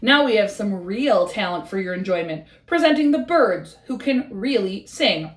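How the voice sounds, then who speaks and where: A woman's voice: mid-range voice, lively intonation, normal speed, roomy sound, close to an everyday voice. A woman voicing a bossy, impatient male fox who runs a concert, in a storybook reading. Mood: showman. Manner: brusque, impatient.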